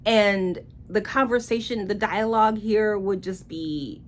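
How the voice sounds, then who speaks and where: A woman's voice: mid-range voice, unhurried, a little hiss or hum. A woman giving a casual book review in a blunt, sarcastic way.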